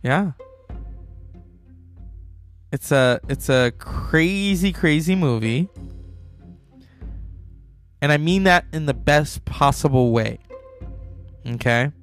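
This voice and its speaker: A man's voice: on the high side, lively intonation, takes it slowly, long pauses, soft background music. Rambling male podcast host. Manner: rambling, chatty. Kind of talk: casual film commentary.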